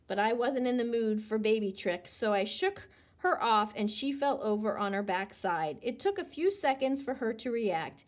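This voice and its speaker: Woman reader, high, lively storybook narration. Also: normal speed. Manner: expressive. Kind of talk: storybook reading aloud.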